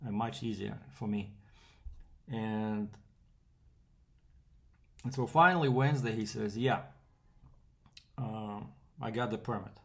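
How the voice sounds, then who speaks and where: A man's voice: lowish voice, slow, gravelly, long pauses, a bit bright. A man from Canada, a freight broker, telling a rambling casual story with fillers and quoted back-and-forth.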